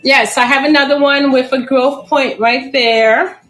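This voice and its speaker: A middle-aged woman with a high voice hosts a live auction in a casual, chatty way. She takes her time, laughs easily and trips over tricky names. Faint music plays behind her. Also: steady tone, measured pace, a bit bright, rough recording. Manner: chatty, giggly, stumbles over and spells out plant names. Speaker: live-sale seller.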